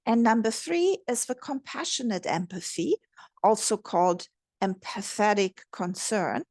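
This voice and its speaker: A woman relationship coach giving a gentle, measured instructional talk. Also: medium pitch, expressive, no room sound, clean studio sound. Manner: gentle, measured, modelling empathetic phrases.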